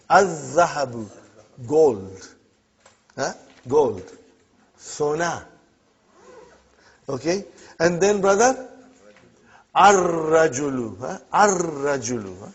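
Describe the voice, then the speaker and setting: A man leads a classroom lesson, drilling words slowly and pausing often to make sure his students are following. His voice is a bit husky and moves lively up and down. The recording sounds dull and lo-fi. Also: on the high side. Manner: checks in constantly with students. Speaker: Arabic teacher.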